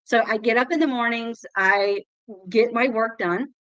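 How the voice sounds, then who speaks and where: A woman's voice: on the high side, normal speed, a bit bright, no room sound, highs cut off. A middle-aged woman, sharing her success story in a chatty, emotional way on a live call. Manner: chatty, emotional, says y'all often. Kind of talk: casual testimonial on a live call.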